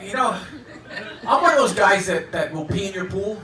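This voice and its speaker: A man in his fifties doing stand-up on a club stage, with a fairly high voice and a halting, deadpan delivery. The sound is roomy, picked up from a distance, with a crowd laughing clearly behind him. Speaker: stand-up comedian. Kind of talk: stand-up comedy set.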